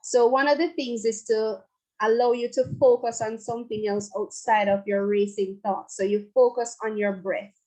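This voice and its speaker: A woman's voice: fairly high pitch, steady tone, moderate pace, a little mellow, low-quality recording. A woman psychologist, leading a guided relaxation talk in a chatty way with playful asides. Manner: conversational, laughs and playful asides.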